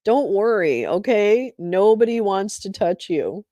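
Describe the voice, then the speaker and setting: A woman's voice: mid-range voice, expressive, measured pace, dark tone, no room sound, clean studio sound. A woman hosting a livestream, reading legal text aloud and breaking off into sarcastic, chatty asides to her viewers. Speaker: livestream host.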